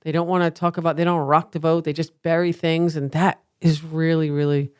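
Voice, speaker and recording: A woman's voice: deep voice, level tone, a little fast, darkish tone, smooth, no echo, studio quality. A woman co-hosting a podcast, speaking conversationally and chiming in with short replies. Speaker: podcast co-host. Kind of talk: casual podcast chat.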